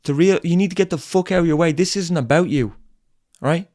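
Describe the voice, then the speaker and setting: A man's voice: on the high side, fairly quick, a little mellow, no room sound, clean studio sound. A man hosting a podcast, delivering a blunt, angry tough-love monologue full of swearing and repeated lines. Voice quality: blunt, heavy swearing, repetitive. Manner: angry, lecturing, emphatic. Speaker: podcast host.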